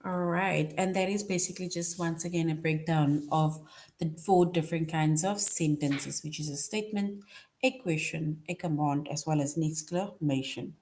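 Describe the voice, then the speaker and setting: A woman's voice: low voice, steady tone, normal speed, a little mellow. A woman teaching a grammar lesson to young children, patient and repetitive, often checking in with "right?". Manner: patient, repeats points, frequent "right?" checks.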